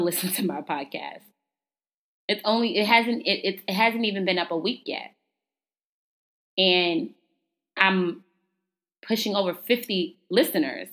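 A woman's voice: mid-range voice, pushed and bright. A young woman hosting her own podcast, talking casually and preachily to her listeners. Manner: casual, chatty and preachy, addresses listeners as y'all. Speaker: podcast host. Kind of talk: motivational solo podcast talk.

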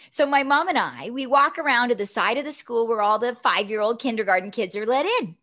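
A woman in her fifties, a guest telling a personal story in an animated, chatty way, often checking in with "right?". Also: fairly high pitch, moderate pace.

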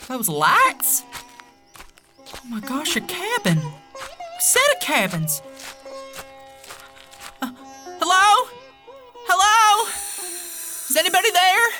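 A woman's voice: high voice, wildly swooping pitch, extremely slow, pauses often, over music, exaggerated voice. A woman voicing a naive young small-town man who dreams of stardom, nervous and stammering. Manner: nervous, stammering, wide-eyed.

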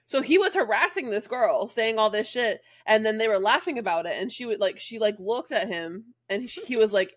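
A woman's voice: fairly high pitch, expressive, brisk, few pauses. A woman co-hosting a podcast in casual chat, blunt and profane, telling stories with animation. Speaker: podcast co-host.

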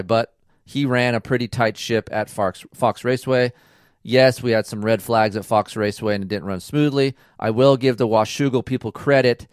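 A middle-aged man hosting a podcast, telling a rambling racing story in a casual, animated way and acting out the dialogue. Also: fairly low pitch, smooth, no room sound, clean studio sound. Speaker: podcast host and racing dad.

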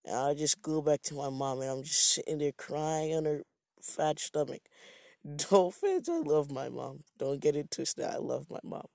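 A man's voice: fairly high pitch, a little mellow, no room sound, clean studio sound. A man from Jamaica telling a rambling, profane, self-mocking story in a casual monologue.

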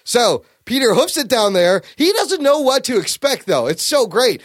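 A man hosting a podcast, recapping a story in casual chat, animated and swearing freely. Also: extremely high pitch, normal speed, no echo, clean studio sound. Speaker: podcast host.

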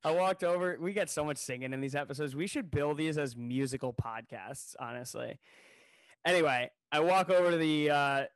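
A man co-hosting a podcast, telling a funny story in a casual, animated way and acting out what people said. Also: a little high, moderate pace, smooth, no room sound. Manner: animated, jokey storyteller who acts out quotes. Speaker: podcast co-host. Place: New York City.

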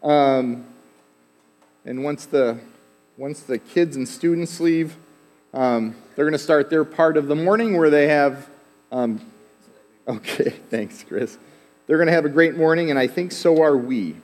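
A man preaching a sermon as pastor, in a relaxed, conversational way with fillers and asides. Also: a little high, unhurried, long pauses. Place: church sanctuary. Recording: long hall reverb.

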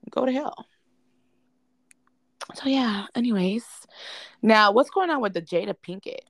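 A woman's voice: a little high, expressive, a little slow, fairly bright tone, no room sound, clean studio sound. A young woman, co-hosting a casual podcast chat, blunt and playful. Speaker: podcast co-host.

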